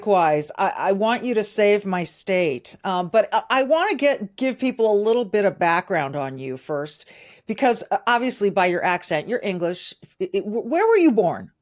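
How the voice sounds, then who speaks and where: A woman's voice: medium pitch, sing-song, moderate pace. A middle-aged woman from California hosting a podcast interview, enthusiastic and direct. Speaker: podcast host. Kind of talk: conversational interview.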